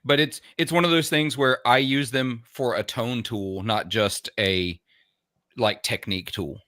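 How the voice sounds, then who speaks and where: A man's voice: medium pitch, measured pace, bright, forceful tone, dry recording, studio quality. A man guesting on a live podcast, talking in an emphatic, opinionated way. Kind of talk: casual live podcast chat.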